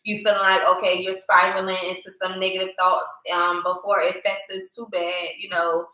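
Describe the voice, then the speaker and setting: A woman co-hosting a podcast, chatting casually and telling a personal story with emphatic, animated delivery. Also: on the low side, normal speed. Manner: animated, emphatic, addresses listeners as y'all. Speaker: podcast co-host. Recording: echoey room.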